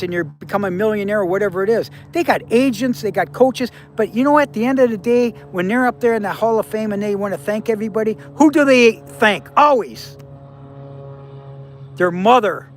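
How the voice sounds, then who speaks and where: Older guy in his 70s on a livestream, high-ish voice, swears a lot, preachy life advice, faint hum behind. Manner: blunt, profane, preachy advice. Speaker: livestream host. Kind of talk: casual livestream talk to viewers.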